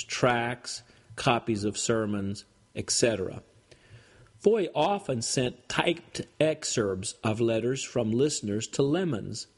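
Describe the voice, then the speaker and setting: Man calmly narrating church history. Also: mid-range voice, slightly rough.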